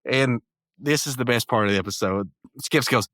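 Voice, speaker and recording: A man's voice: mid-range voice, fairly bright tone, no echo. Eager man recapping a cartoon, dry mic. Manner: enthusiastic retelling with quick character impressions; stammering restarts. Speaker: podcast host. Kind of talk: casual episode review.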